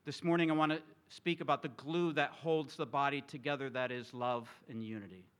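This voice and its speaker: A man's voice: mid-range voice, fairly quick. A middle-aged male pastor delivering a sermon to his congregation, asking them questions and drawing them in. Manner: animated, engages congregation with questions. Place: church sanctuary with congregation.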